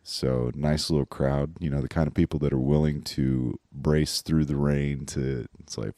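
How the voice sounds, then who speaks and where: A man's voice: a bass voice, steady tone, moderate pace, few pauses, mellow, no echo, studio quality. A man, a comedian hosting a podcast, giving a rambling, loose wrap-up full of fillers. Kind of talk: casual show wrap-up.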